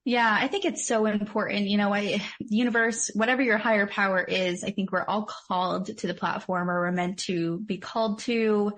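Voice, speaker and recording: A young adult woman, a mindset coach, talking enthusiastically as a podcast guest with lots of fillers. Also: medium pitch. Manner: enthusiastic, effusive praise, filler-heavy. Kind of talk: casual interview chat.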